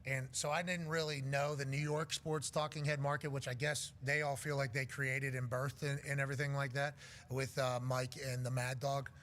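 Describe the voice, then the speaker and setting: A man's voice: medium pitch, flat delivery, normal speed, a bit bright, slight background noise. A man from Pittsburgh in casual podcast chat, rambling loosely and swearing freely. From Pittsburgh, USA.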